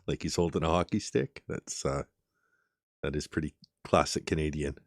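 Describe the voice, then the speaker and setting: This is a man with a very low voice, hosting his own stream. He talks casually into a desk microphone, rambling and chuckling as he reacts to old clips. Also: moderate pace, no echo, studio quality. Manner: relaxed, rambling, with frequent ums and chuckles. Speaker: streamer host.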